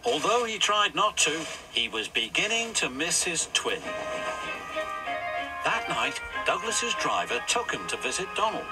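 A man narrating a storybook tale in an expressive, animated reading, with music underneath. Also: mid-range voice, unhurried.

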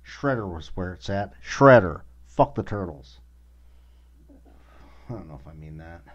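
A man's voice: sits low, normal speed. A man hosting a podcast who rants angrily and swears constantly. The recording is dull and lo-fi. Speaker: podcast host. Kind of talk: casual profane rant.

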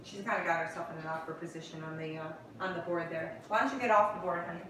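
A woman's voice: fairly low pitch, fast, recorded from a distance. A woman dog trainer chats casually and coaxes a puppy with lilting, sing-song calls. She sits some way from the mic in a very echoey room, with a faint hiss behind her.

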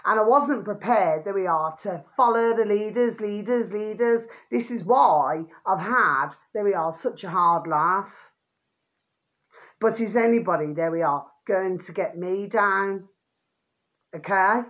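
A woman's voice: medium pitch, unhurried, a bit bright. A middle-aged woman, talking to camera in a rambling, casual monologue. She keeps repeating a pet phrase and swears freely. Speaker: vlogger.

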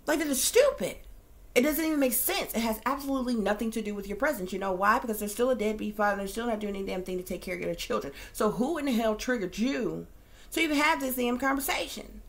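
A woman's voice: on the high side, animated, fairly quick. A middle-aged woman, ranting bluntly and profanely, firing off rhetorical questions. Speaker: psychic reader. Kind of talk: ranting monologue.

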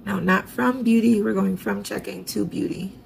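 Chatty woman with heavy vocal fry. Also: medium pitch, fairly even intonation, moderate pace, slight background noise, rough recording. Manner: chatty, sarcastic asides, talks to herself. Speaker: budgeting vlogger. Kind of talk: casual narration of online banking.

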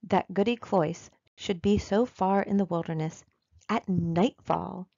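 A woman's voice: medium pitch, measured pace, creaky, mellow, no echo, highs cut off. A woman reading aloud, voicing an uneasy, irritable young Puritan man.

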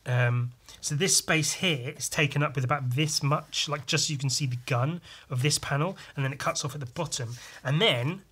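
A man hosting a podcast, chatting casually and excitably, with lots of swearing and homemade sound effects. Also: fairly high pitch, moderate pace, hardly any pauses, husky. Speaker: podcast host and comic artist. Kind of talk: casual chat walking through comic pages.

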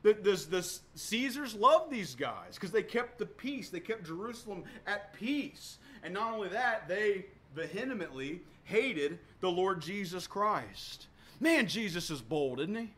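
Man, pastor, sermon, high-pitched, bright tone, emphatic, repeats words. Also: very animated, unhurried. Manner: emphatic preaching with sharp swings in volume.

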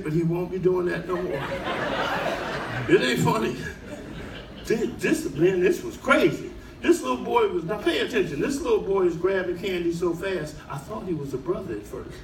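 Guy doing standup, high lively voice, echoey showroom with a laughing crowd. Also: moderate pace, background noise. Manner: animated, shouting punchlines, talks to audience. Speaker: stand-up comedian. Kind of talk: stand-up comedy. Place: cruise ship showroom, live audience. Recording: echoey room, far mic, crowd laughter.

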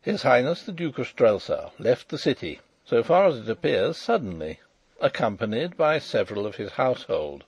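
A gruff, cold-blooded old courtier speaks in a rough, blunt, businesslike way, his gravelly and husky voice rising and falling a lot, as a male audiobook reader puts him on. The recording is dry and close. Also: mid-range voice, sing-song, normal speed, no echo. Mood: matter-of-fact. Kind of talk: audiobook character reading.

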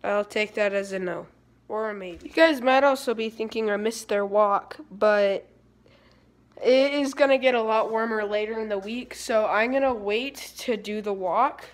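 A teenage girl vlogs at home on her phone camera, chatting playfully with her dogs and her viewers. Her voice sits at a medium pitch and she talks at a moderate pace, indoors in the family home.

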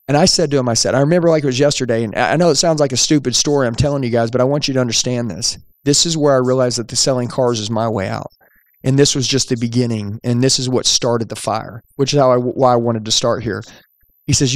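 A mid-range, darkish male voice, steady in tone and fast, belongs to a podcast host and sales trainer telling his own story. He was a young adult at the time and is older now, and he delivers it energetically, stressing points and voicing the dialogue. The recording is studio quality with no echo.

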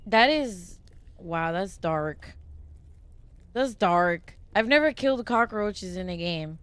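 Unhurried and lively in her intonation, a young adult woman with a mid-range, slightly bright voice livestreams a horror game with no echo on the audio. She spooks easily and swears, filling the gaps by talking to viewers and thanking them.

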